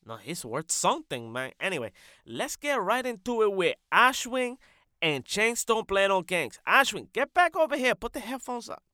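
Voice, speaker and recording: Brief: a man as a loud, lively, profane comedy host with a bright voice. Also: normal speed, no room sound, clean studio sound, heavily acted. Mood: boastful. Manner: loud, brash, swears constantly, pitch jumps high. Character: brash loud profane male podcast host. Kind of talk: comic sketch.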